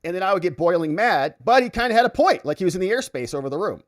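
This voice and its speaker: A man's voice: sits high, lively intonation, fast talker. A middle-aged man hosting a livestream in casual chat, reading viewer comments aloud and telling jokey stories. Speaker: livestream host.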